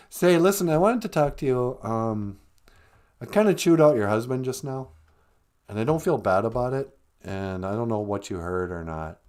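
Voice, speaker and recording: A man's voice: mid-range voice, animated, normal speed, darkish tone. A man hosting a casual live stream, joking and teasing in a playful way.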